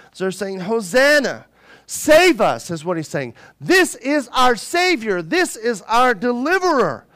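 A man preaching a sermon as a pastor, telling the story in an animated, joking way. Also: high voice, clean tone.

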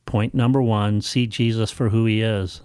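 A male pastor, preaching a sermon in measured, emphatic phrases full of rhetorical questions. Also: fairly low pitch, flat delivery, a little mellow, clean tone, no echo, studio quality.

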